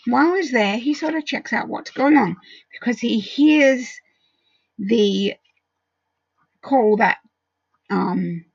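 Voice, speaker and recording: A woman teaching a Bible study in a casual way, walking through verses and explaining them with frequent pauses and ums. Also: medium pitch, vocal fry, husky, dry recording, dull audio.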